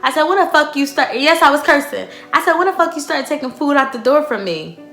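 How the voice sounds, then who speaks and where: A young woman telling a profane storytime, acting out quoted dialogue with loud outbursts. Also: high-pitched, lively intonation, fast talker, gravelly. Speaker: vlogger. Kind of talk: storytime vlog. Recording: echoey room with faint music.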